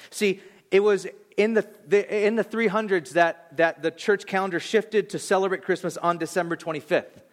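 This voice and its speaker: In a sermon, a thirties-aged pastor with a light, high voice tells a story at normal speed, animated and poking fun at himself, though he stumbles and restarts once he grows reflective.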